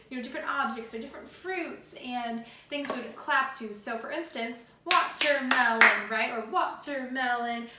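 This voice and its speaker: A woman teaching a remote music lesson to elementary children, speaking in an upbeat, encouraging way and chanting rhythms aloud. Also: high-pitched. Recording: roomy, distant, noisy home video.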